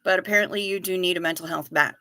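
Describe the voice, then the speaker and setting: A woman's voice: lowish voice, steady tone, fast talker, sharp tone, no echo. A woman hosting a live stream, chatting casually, telling jokes and reading out viewer messages. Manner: chatty, joking, reads chat aloud.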